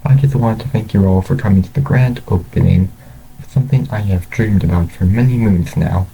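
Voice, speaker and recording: A man's voice: sits low, fairly quick, creaky, warm tone, a little hiss or hum, low-quality recording. A man voicing a formal, welcoming restaurant owner with polite, courteous speech.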